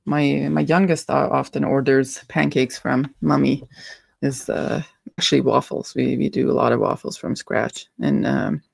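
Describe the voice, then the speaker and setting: A woman's voice: rumbling low, steady tone, moderate pace, creaky, breathy edge, no room sound. A woman hosting a casual perfume livestream, playful and a bit silly, giggling as she chats with viewers and muses over scents. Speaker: livestream host reviewing perfumes.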